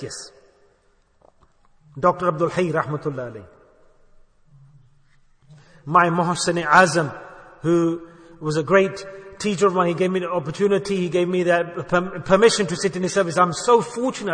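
A man delivers an earnest sermon and keeps putting questions to his listeners. His voice sits high and sounds bright and forceful. The hall around him rings with a long echo. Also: a little fast, pauses often. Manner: earnest, rhetorical questions to the audience. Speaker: Islamic preacher.

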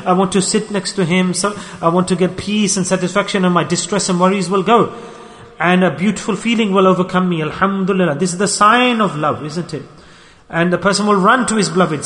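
A man's voice: high-pitched, fairly bright tone. A middle-aged man preaching a sermon, telling stories and acting out the dialogue. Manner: storytelling, acts out dialogue, rising and falling delivery. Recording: echoey hall with long reverb.

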